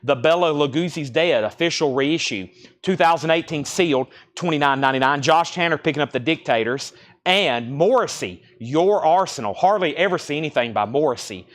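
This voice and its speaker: A man hosting a live vinyl record sale stream, briskly repeating prices and bidder names. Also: a little high, lively intonation. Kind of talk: live auction sales stream.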